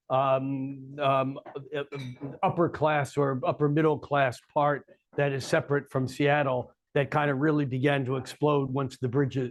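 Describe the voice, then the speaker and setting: A man giving a live astrology talk to an audience in a coffeehouse, with wry joking asides. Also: mid-range voice.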